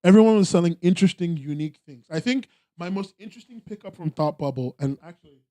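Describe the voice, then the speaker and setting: A man's voice: high voice, lively intonation, quick pace, mellow. A young American man hosting a podcast, chatting casually in a rambling way with lots of fillers and restarts. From United States. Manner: rambling, laid-back, frequent fillers and restarts. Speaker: podcast host. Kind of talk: casual chat.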